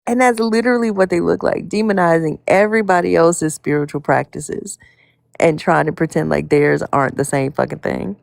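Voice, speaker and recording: A woman's voice: fairly low pitch, steady tone, moderate pace, gravelly. A woman co-hosting a casual chat in a blunt, skeptical way, swearing freely.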